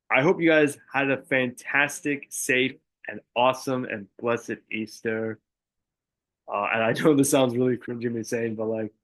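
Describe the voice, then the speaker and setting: A young man hosts a casual sports podcast alone, running through his picks. He rambles a little, leaning on fillers and fixing his words mid-sentence, with an ordinary mid-range voice. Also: mid-range voice. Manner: chatty, many fillers and self-corrections. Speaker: podcast host.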